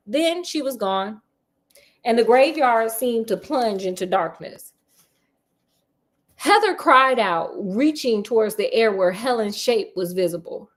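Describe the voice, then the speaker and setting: A woman reading a spooky children's novel aloud and breaking off for sassy, laughing asides. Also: medium pitch. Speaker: storyteller reading a book aloud. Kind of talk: book reading with comedic asides.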